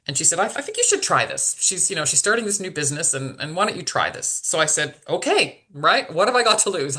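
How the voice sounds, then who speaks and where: A woman's voice: low-pitched, pushed and bright. Hesitant, emotional woman telling her story. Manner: hesitant, repeats words, many fillers and restarts; openly emotional, vulnerable. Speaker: podcast guest.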